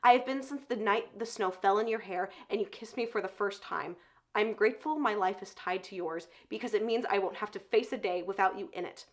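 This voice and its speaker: A woman voicing a brooding young male warrior as she reads his lines, in a low, hushed, intense way. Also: close to an everyday voice.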